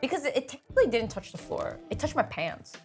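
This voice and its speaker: A woman's voice: high voice, very animated, fast, faint music behind. A woman cooking on a live stream, chatting casually and talking through recipe steps with easy amusement.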